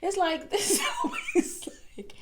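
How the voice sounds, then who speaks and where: A woman hosting her own vlog, telling a personal story in an expressive, exaggerating way and laughing often. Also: extremely high pitch, slow, background noise. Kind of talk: animated storytelling.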